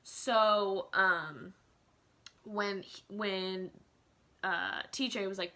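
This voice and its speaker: Recorded on a phone, a woman vlogger goes on a casual rant, chatty and opinionated, sprinkling her speech with "like" and "um." Her medium-pitched voice is slow, pushed, and bright.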